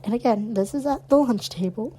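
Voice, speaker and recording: A woman's voice: on the high side, brisk, a little hiss or hum, low-quality recording. A young adult woman co-hosting a podcast, telling stories bluntly in casual chat. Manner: animated, blunt storyteller. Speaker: podcast co-host.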